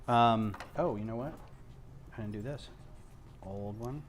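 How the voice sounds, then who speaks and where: A man hosting a casual livestream from home, rambling onto tangents, losing his thread and filling pauses with ums. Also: fairly low pitch, background noise. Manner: frequent ums and restarts. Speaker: livestream host. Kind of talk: casual chat while building.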